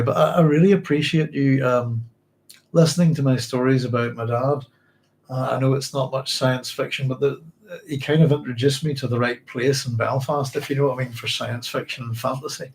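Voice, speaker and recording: A man's voice: medium pitch, steady tone, slight background noise. Tired middle-aged man with a hybrid Northern Irish-English accent. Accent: mixed Northern Irish and English. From Northern Ireland. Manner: halting, many restarts and fillers, reflective. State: physically tired. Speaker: podcast host. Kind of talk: emotional personal storytelling to a live audience.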